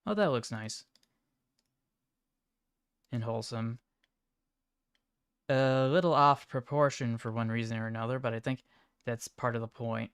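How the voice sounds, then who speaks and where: A man of ordinary pitch with a smooth, resonant voice chats casually through a live stream. He reacts to viewers' images in a mumbling, offhand way, broken by sudden excited bursts. The sound is close and dry. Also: measured pace, pauses often, no echo. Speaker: livestreamer reacting to chat images.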